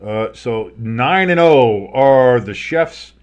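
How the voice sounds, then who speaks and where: A man's voice: medium pitch, animated, slow, darkish tone, clean tone, lo-fi sound. A man hosting a live sports stream, calling plays and rambling into joking asides. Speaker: sports streamer and play-by-play host. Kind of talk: live play-by-play with casual chat.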